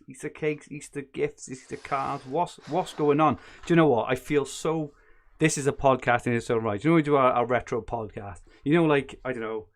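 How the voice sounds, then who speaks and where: A man hosting a podcast, chatty and laughing easily. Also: mid-range voice. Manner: chatty, laughing often, with frequent restarts. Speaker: podcast host. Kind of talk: casual chat.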